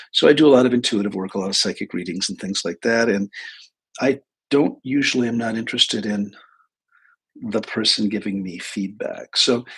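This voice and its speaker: Middle-aged male host, husky, low, loose anecdotal livestream chatter. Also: fairly bright tone, low-quality recording. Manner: rambling, anecdotal, many restarts and asides. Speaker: host, psychic and intuitive teacher. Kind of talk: casual livestream talk.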